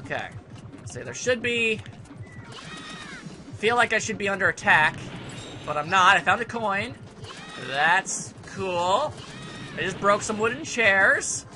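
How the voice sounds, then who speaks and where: High, lively sarcastic young man. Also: takes it slowly, long pauses. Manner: sarcastic, grumbling, bursts into shouts. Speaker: let's play commentator. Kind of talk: casual gameplay commentary. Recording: faint game music behind.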